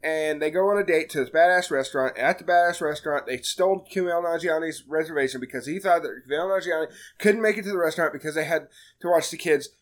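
A man's voice: on the high side, fast. A man hosting a podcast, casually recapping a movie plot with lots of swearing and laughter. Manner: profane, laughing, acts out characters' lines. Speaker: podcast host.

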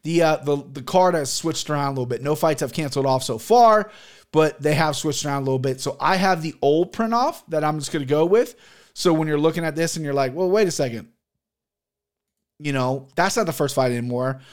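A man's voice: fairly high pitch, a little fast. A man hosting his own podcast, talking loosely and jokingly with frequent profanity, mixing stories, ad reads and betting picks. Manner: loose, profane, jokey storytelling. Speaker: podcast host and sports betting picker. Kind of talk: casual solo podcast chat.

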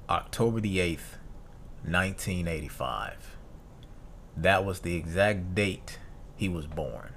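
Guy in his 30s doing a solo podcast, real low voice, chill and reflective, lots of ums, faint room hum behind. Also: fairly bright tone. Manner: casual and reflective, reads notes aloud with fillers and restarts. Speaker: podcast host.

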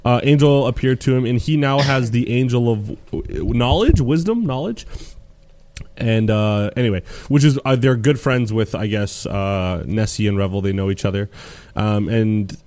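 A man's voice: mid-range voice, moderate pace, darkish tone. A man co-hosting a casual anime podcast, rambling through an episode recap and swearing freely. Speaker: podcast co-host.

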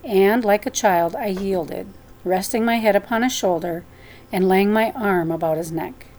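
A woman narrating a first-person spiritual memoir as an audiobook, in an earnest, devout, measured manner. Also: medium pitch, darkish tone.

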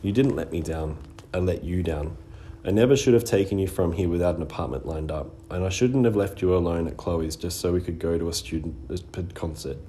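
A man voicing a weary young older brother who speaks low and mumbles. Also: a little fast, dark tone, slight background noise, close to an everyday voice. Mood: tender.

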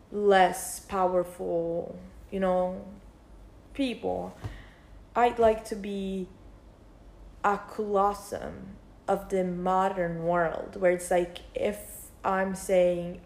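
Slow, rambling young woman vlogger. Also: lowish voice, echoey room. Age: young adult. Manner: rambling, thinking aloud with many fillers. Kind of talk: casual reflective monologue.

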